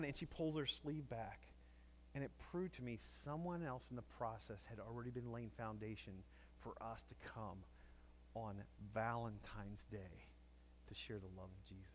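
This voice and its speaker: A man's voice: mid-range voice, slight background noise. A man preaching a conversational sermon to a congregation, telling stories and acting out quotes. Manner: conversational storytelling, acts out quotes. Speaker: pastor.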